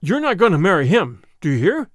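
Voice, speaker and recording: A blunt young man, bossy and a touch sarcastic, fairly high and lively in pitch, as a male reader plays him. The audiobook is recorded in a close, dry space. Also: normal speed, no room sound.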